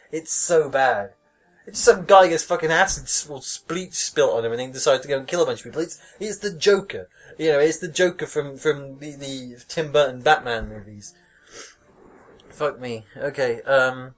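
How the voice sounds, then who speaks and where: A young man hosting a podcast, reading a scary story aloud and mocking it with sarcastic, swear-filled asides and frequent laughter. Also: mid-range voice. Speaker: podcast host reading stories. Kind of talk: comedic reading with sarcastic commentary.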